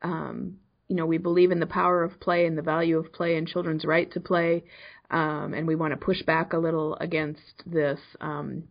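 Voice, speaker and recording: A woman's voice: sits low, flat delivery, normal speed, vocal fry, muffled recording. A woman who works in early childhood education, talking earnestly on a podcast about play and learning. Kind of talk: casual podcast chat.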